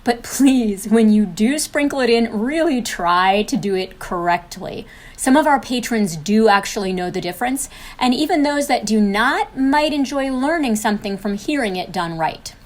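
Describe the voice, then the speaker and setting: A woman's voice: a little high, lively intonation, normal speed. Encouraging female instructor, upbeat delivery. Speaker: co-host and instructor. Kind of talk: scripted instructional video.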